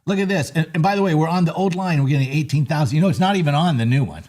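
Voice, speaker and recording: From a desk at home, a man hosts a casual live market recap at a racing pace. He jokes and gets excited over the charts, his pitch swinging widely, and keeps bursting into laughter.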